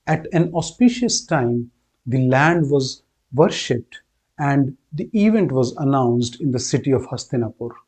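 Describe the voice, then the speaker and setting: A man's voice: mid-range voice, dark tone, slightly rough. A man hosting a storytelling channel and narrating an epic tale in a friendly scripted way. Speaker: storyteller host.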